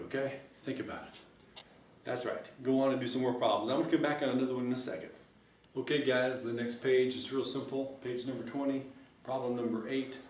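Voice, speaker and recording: A man's voice: mid-range voice, distant mic. A man teaching an algebra lesson, explaining step by step with joking, folksy asides. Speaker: math teacher. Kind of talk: recorded math lesson. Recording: echoey room, voice from off-mic, faint hiss.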